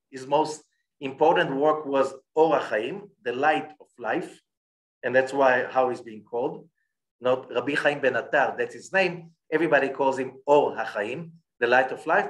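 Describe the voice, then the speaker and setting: A rabbi teaching a Torah class, who rattles off Hebrew passages quickly and then explains them in English, often checking in with listeners. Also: male voice, mid-range voice. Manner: checks in with listeners by saying "okay?".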